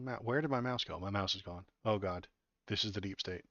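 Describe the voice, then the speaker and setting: Sarcastic and rambling, this political streamer delivers casual commentary into a desk mic with his headphones on. His voice sits low with a sharp tone, and he talks a little fast. There's no echo, and the home stream audio sounds dull and dry.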